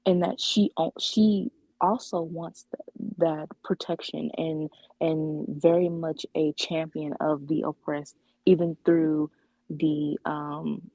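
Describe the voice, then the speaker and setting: Low, gravelly woman chatting. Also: mellow, no echo, low-quality recording. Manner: rambling, many fillers and restarts. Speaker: podcast co-host. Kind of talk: casual chat about comics.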